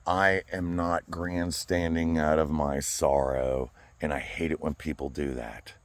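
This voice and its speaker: A man with an extremely low, deep voice speaks in a personal vlog monologue. He talks earnestly and haltingly, stumbling over repeated words as he goes. He is recorded outdoors. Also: fairly even intonation, no echo. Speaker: vlogger. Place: outdoors by a flagpole.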